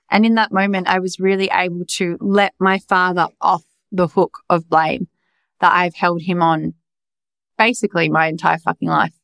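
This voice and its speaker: Young woman podcaster spilling her guts, swears a lot, bit low-pitched, dry close sound. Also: flat delivery, normal speed, vocal fry, fairly bright tone, dry recording. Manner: raw, emphatic, swears freely. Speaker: podcast host. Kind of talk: candid personal monologue.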